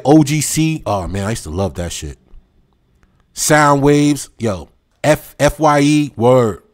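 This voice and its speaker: Slangy New man on a livestream. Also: medium pitch. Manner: animated, slangy, reminiscing, talks straight to viewers. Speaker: livestream host. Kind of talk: casual livestream chat.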